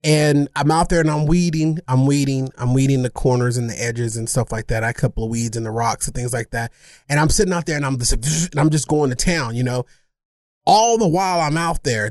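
A man co-hosting a podcast, telling a rambling, self-mocking story in casual chat, animated and funny. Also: medium pitch, no echo, clean studio sound. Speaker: podcast co-host.

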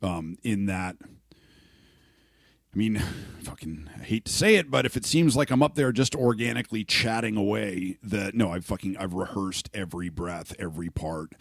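Gravelly low-voiced man, profane and rambling. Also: normal speed, dry recording, studio quality. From Saskatchewan, Canada. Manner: profane, rambling, many restarts. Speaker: podcast host, musician. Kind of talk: casual candid conversation.

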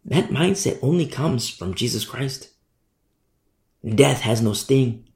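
A man preaching a sermon with fervent emphasis, swinging between loud declarations and hushed asides. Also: medium pitch, lively intonation, slow pace. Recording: echoey room.

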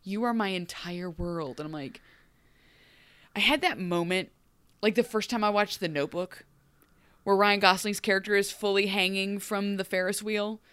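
A woman's voice: medium pitch, normal speed, pauses often, clean tone, no room sound. A woman co-hosting a podcast, chatting casually about a TV episode and acting out the characters' lines as she tells it. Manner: animated, acts out characters' lines mid-story. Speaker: podcast co-host. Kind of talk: casual chat recapping a TV episode.

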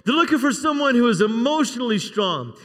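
Male pastor, sermon delivery, bright forceful tone, conversational with call-and-response, long church-hall reverb. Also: very high voice, big pitch swings, a little fast. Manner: conversational preaching with frequent call-and-response amens. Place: church sanctuary.

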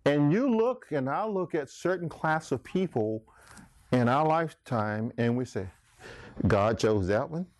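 A man's voice: fairly high pitch, expressive, unhurried, a little mellow, dry recording. A man preaching a sermon, emphatic, calling out listeners by name. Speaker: pastor.

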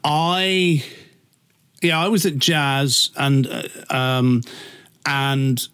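A man's voice: mid-range voice, little pitch movement, very slow, fairly bright tone, smooth. A middle-aged man with a Liverpool accent, a radio presenter being interviewed, camp and flamboyant, swearing freely as he tells stories. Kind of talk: anecdotal interview chat.

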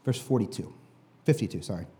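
A man's voice: lowish voice, lively intonation, fairly quick, warm tone. A man preaching a sermon with emphatic delivery, speaking directly to the congregation and leading them along. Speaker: pastor.

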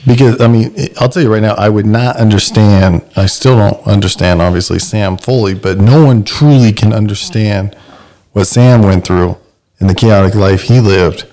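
A man co-hosting a casual talk show, upbeat and promotional as he tells stories and pitches products. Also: moderate pace, dark tone. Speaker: podcast co-host. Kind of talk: casual chat.

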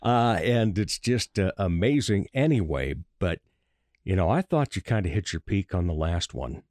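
A man's voice: deep voice, animated, normal speed, darkish tone, no room sound. A man in his sixties hosting a music interview show, chatting casually with lots of fillers and eager praise. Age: 60s. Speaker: radio show host.

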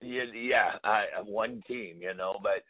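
A man's voice: lowish voice, a little slow, crowd noise. A man, a sports superfan guest, telling stories in a rambling, emotional way full of "you know". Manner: emotional, rambling, heavy with 'you know'. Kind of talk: casual storytelling interview. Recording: phone-like remote audio.

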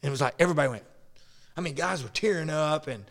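A man with a slightly raised pitch, rambling and restarting mid-sentence as he tells a story. He sounds casual and conversational, and the recording has a long room reverb. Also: very fast, a bit bright.

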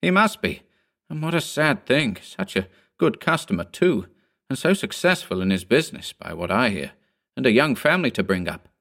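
A man's voice: mid-range voice, big pitch swings, moderate pace, fairly bright tone, voice pushed up. A man reading a ghost story, voicing a frightened, fretful stout innkeeper in a raised, wailing tone. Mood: dismayed. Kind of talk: audiobook character voice.

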